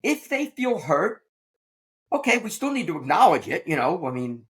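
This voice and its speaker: Blunt man with a lively pitch. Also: normal speed. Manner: blunt, plain-spoken. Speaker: podcast host; teacher. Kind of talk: casual podcast conversation.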